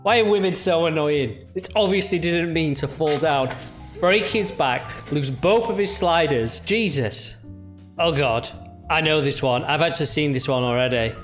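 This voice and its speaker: A man's voice: fairly high pitch, normal speed, faint music behind. A young man giving chatty, mocking reaction commentary on video clips. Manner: chatty, jokey, mocking asides.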